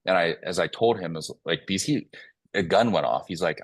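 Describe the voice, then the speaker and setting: A man's voice: extremely low pitch, brisk, no room sound. A man speaking as a company CEO guest, telling a long story in an earnest way with plenty of fillers. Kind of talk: casual panel talk, telling a story.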